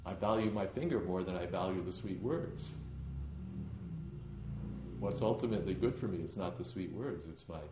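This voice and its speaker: A man's voice: deep voice, normal speed, pauses often, over music. A man giving a devotional lecture, telling stories emphatically with some hesitant fillers. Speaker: spiritual teacher. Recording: roomy echoing hall.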